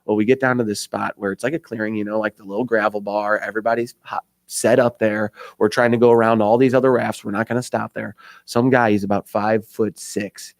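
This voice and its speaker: A man's voice: lowish voice, quick pace, gravelly, no echo. A man with an Indiana accent telling a long story on a radio show, acting out other people's lines and laughing often. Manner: animated storyteller, acts out voices, laughs often. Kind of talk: casual storytelling chat.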